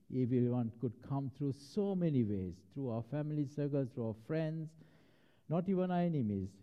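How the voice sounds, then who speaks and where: A man preaching a reflective sermon, mixing scripture with personal anecdotes. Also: medium pitch. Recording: dull lo-fi recording.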